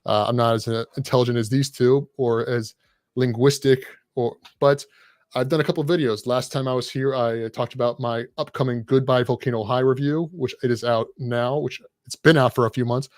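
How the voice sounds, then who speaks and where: A man's voice: medium pitch, fairly even intonation, brisk, a little mellow, no echo, clean studio sound. A man talking as a guest on a casual podcast, rambling and self-deprecating, with an irreverent streak. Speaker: guest content creator.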